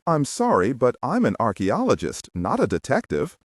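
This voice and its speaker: A man's voice: mid-range voice, wildly swooping pitch, moderate pace, no echo, studio quality. A man narrating an audiobook, voicing a female archaeologist who protests in a raised, indignant tone. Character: female archaeologist, sharp and irritated.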